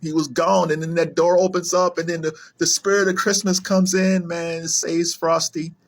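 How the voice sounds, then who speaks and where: A man chatting casually on his own, animated and laughing often, sometimes popping into silly high voices. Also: moderate pace. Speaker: video creator. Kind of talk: casual solo chat to camera.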